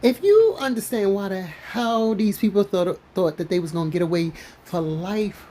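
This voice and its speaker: A woman's voice: mid-range voice, expressive, normal speed, dark tone. Sassy woman vlogger, mocking questions, faint background noise. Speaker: commentary vlogger. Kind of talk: casual commentary while cooking.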